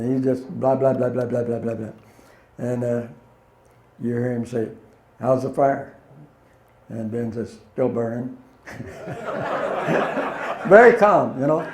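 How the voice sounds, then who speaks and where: A man's voice: medium pitch, dark tone. An older man, a former pilot, telling plainspoken, folksy stories to an audience, chuckling at his own punchlines. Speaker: guest speaker, former pilot. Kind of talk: anecdotal talk to an audience. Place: meeting hall. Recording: roomy hall echo.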